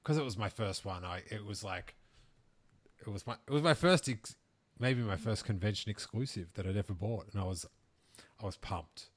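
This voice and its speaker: Low-voiced man hosting a casual chat. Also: normal speed. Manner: rambling, with frequent restarts and fillers. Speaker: podcast host. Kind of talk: casual chat about collectibles.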